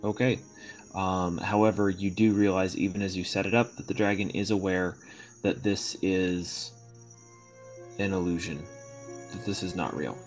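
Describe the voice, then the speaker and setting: Deep-voiced man running a tabletop game. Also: fairly even intonation, faint music behind, low-quality recording. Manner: measured, rules-minded, hesitant fillers. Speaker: game master.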